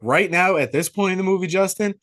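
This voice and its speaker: Excitable young man retelling a horror film. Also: sits high, quick pace. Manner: excitable storyteller, slangy, says dude a lot. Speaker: podcast host. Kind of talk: casual movie-review chat.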